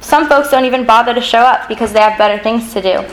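Storyteller: woman, higher voice, earnest suspenseful delivery, faint room noise. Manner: earnest, suspenseful, slows for dramatic moments. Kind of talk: dramatic second-person storytelling.

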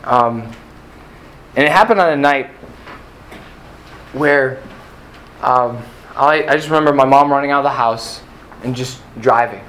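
A man's voice: medium pitch, measured pace, long pauses, a bit bright, a little hiss or hum. A young man giving an earnest, personal testimony as a retreat speaker, with many fillers. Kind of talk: faith talk to a youth audience. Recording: echoey room with faint ambience.

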